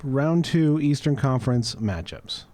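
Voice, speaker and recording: A man's voice: medium pitch, lively intonation, measured pace, mellow. A man co-hosting a casual podcast, plainly reading out bracket matchups. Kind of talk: casual chat.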